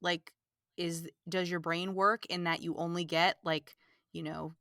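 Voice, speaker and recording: A woman hosting a podcast, recapping a movie in casual, animated, exasperated chat full of "like". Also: on the low side, a little slow, dry recording, studio quality. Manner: animated, exasperated, fills talk with "like". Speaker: podcast host.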